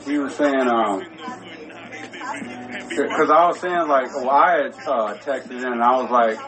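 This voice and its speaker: Male podcast co-host, casual and rambling, average pitch, chatter of a crowd behind him. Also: a little slow, over music, rough recording. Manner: rambling, many restarts, smoking while talking. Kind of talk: casual chat.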